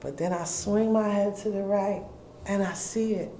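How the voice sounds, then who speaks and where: A middle-aged woman, a guest telling a personal story in an interview, acting out dialogue and swinging between hushed and loud. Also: medium pitch, fairly even intonation, moderate pace, slight background noise. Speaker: guest, food business owner. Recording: echoey room.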